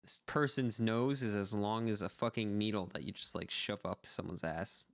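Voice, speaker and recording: A man's voice: fairly low pitch, normal speed, vocal fry. A man streaming a game and reading the characters aloud, joking crudely.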